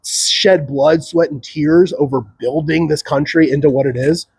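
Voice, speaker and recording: A man's voice: a little high, fairly even intonation, normal speed, breathy edge, no room sound. A man hosting a solo opinion show, rambling sarcastically with frequent chuckles. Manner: sarcastic, chuckling, mocks others in put-on voices. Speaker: podcast host.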